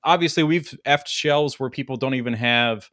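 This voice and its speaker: A man hosting a casual podcast, talking in a relaxed, rambling way about products he sells. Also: mid-range voice, normal speed, no echo, clean studio sound. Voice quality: relaxed, rambling, many fillers. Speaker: host and toy product seller.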